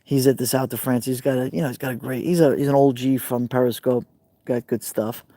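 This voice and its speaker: A man's voice: medium pitch, steady tone, a little fast, warm tone, no room sound. A man with a Brooklyn accent, live streaming outdoors by a fire pit, rambling casually and answering viewer comments. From New York.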